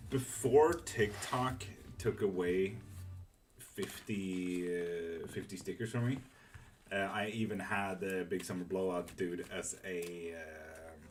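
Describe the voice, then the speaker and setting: A deep-voiced man hosts a live tarot stream, talking loosely and rambling through his thoughts with plenty of fillers and casual swearing. Faint music plays quietly under his voice. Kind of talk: casual live-stream chat reading comments.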